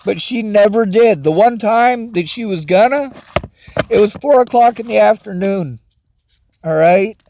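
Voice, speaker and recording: High-voiced man in a bitter rant. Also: a little slow, a little mellow, slight background noise, rough recording. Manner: bitter, swearing, vents in outbursts. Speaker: vlogger. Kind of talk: angry personal rant to camera.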